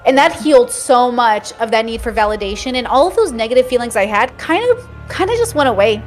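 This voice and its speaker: A woman's voice: a little high, brisk, soft background music. A woman in her thirties telling family stories in casual chat, acting out her parents' lines. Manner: animated storyteller, acts out quotes. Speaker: podcast guest.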